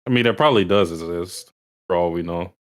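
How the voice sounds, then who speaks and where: A man's voice: sits low, a little fast. A man co-hosting a podcast in casual chat, reacting with blunt disbelief and reading out viewer comments. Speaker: podcast co-host.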